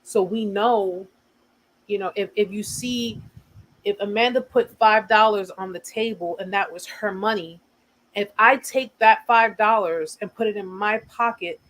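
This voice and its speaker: A woman's voice: mid-range voice, a bit bright, low-quality recording. A woman with an American accent hosting a casual livestream, speaking earnestly and repeating her points for emphasis. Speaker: host of a survivor support livestream.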